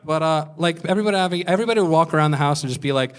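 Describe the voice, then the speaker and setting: A young man telling self-deprecating stand-up stories on a comedy club stage, acting out other people's lines in quick voices. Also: fairly high pitch. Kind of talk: stand-up storytelling.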